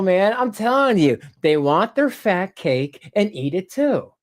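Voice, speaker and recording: A man hosting his channel, heated and profane, ranting in casual commentary and laughing often. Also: unhurried. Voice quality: animated, jumps into high mocking voices when quoting critics. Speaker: channel host.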